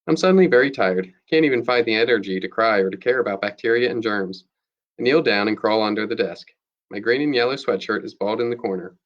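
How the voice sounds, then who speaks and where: A male teacher reads a novel aloud to his students in a steady, plain way. His voice sits low, and the recording sounds dull and lo-fi. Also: quick pace.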